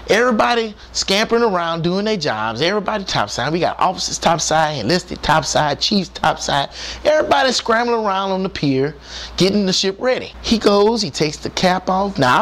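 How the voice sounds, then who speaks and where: A former Navy submarine technician tells his sea stories in a loose, salty, colloquial way. His pitch leaps up and down as he gets into each scene, and he stops to talk straight to the viewer. He is a man spinning yarns off the cuff, not reading a script. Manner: animated, profane, colloquial, addresses viewers directly. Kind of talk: casual storytelling.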